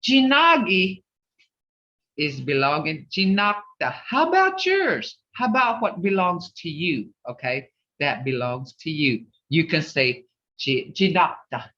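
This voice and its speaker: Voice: mid-range voice, big pitch swings, measured pace, bright, forceful tone, echoey room. A teacher leading an online language class, patiently drilling words syllable by syllable and reassuring the students. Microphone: video call. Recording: dull video-call audio.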